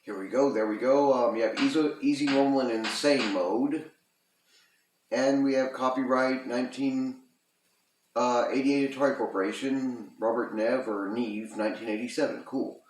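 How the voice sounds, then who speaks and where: A man's voice: medium pitch, fairly even intonation, normal speed. A man casually reviewing a retro video game, rambling with lots of ums and uhs. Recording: roomy echo.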